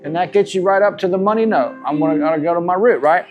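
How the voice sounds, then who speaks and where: A man leading a guitar masterclass in front of a room, his voice slightly high for a man. He talks in loose, repetitive bursts, thinking aloud between phrases. Loud guitar playing runs under and between his words. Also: fast, phone-quality sound. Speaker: guitar teacher. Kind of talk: live masterclass teaching. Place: room with a live audience. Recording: guitar music loud behind the voice.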